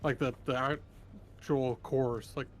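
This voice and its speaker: A man in casual gameplay chat as a co-player, relaxed and offhand, with lots of "like". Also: mid-range voice, slow, a little hiss or hum. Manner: relaxed, offhand, uses "like" a lot.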